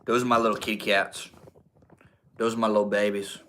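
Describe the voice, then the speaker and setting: A man's voice: on the low side, little pitch movement, fairly quick, bright, forceful tone, a little hiss or hum. A man hosting a casual livestream at home, tipsy, reading chat comments and slipping between spiritual musings, calling people bro and dude. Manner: loose, profane, says bro and dude, preachy bursts. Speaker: livestream host. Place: indoors at home.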